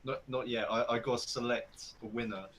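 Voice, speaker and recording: A man running a party game round over voice chat, explaining rules with quick restarts. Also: medium pitch, steady tone, fairly bright tone, slight background noise. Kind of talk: casual chat over voice call.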